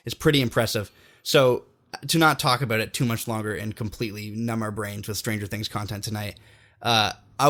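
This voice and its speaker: A man's voice: lowish voice, a bit bright. A man guesting on a casual podcast, giving earnest, enthusiastic reviews.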